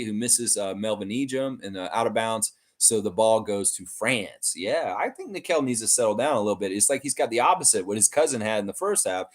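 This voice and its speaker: A man hosting a live watchalong stream, giving excited fan play-by-play and trash talk. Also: medium pitch. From Canada. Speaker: livestream host.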